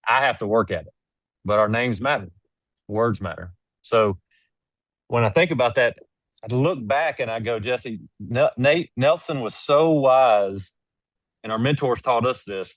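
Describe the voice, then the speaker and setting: A man's voice: medium pitch, fairly bright tone, no room sound. A man speaking as a guest in an interview, making his points with emphatic, preachy storytelling. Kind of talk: casual interview conversation.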